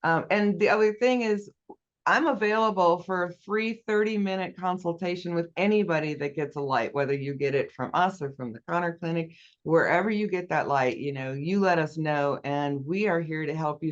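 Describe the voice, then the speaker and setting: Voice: medium pitch, moderate pace. A guest in a casual interview, earnestly explaining a product step by step. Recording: dull lo-fi audio.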